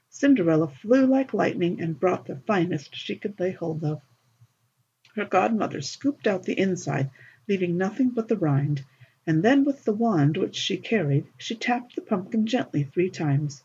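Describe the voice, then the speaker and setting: A woman narrating a fairy tale in an expressive, lilting storybook reading, on a dull lo-fi recording. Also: lowish voice, normal speed, slightly rough.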